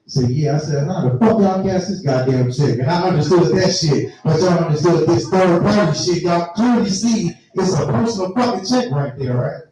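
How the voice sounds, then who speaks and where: A middle-aged man doing a profane, animated stand-up comedy set at a live venue. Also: sits high, normal speed, few pauses, faint music behind. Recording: very echoey live room, mic far off.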